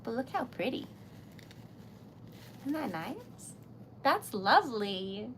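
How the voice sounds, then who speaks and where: A young woman makes wax seal stickers on a crafting livestream, chatting casually in a self-deprecating way, giggling, and gushing excitedly over her work. Her voice is a little high and slow, with slight background noise.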